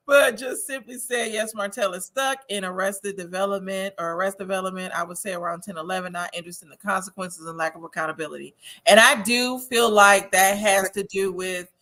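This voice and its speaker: Bright-voiced woman chatting a TV recap. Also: medium pitch, normal speed. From Wisconsin, USA. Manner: chatty, laughs often, opinionated. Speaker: host of a TV recap show reading viewer comments. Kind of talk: casual recap chat.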